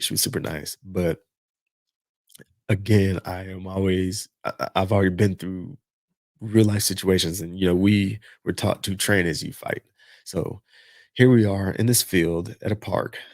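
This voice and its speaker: Gravelly-voiced man telling war stories. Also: low voice, dry recording. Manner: profane, animated retelling with quoted voices. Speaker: podcast host. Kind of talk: casual storytelling.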